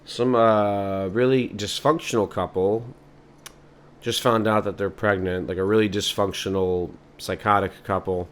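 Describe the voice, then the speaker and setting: A man hosting a podcast, rambling through an improvised comic monologue in a meandering, deadpan way. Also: on the low side, a little slow, smooth. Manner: meandering, deadpan, many fillers. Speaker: podcast host.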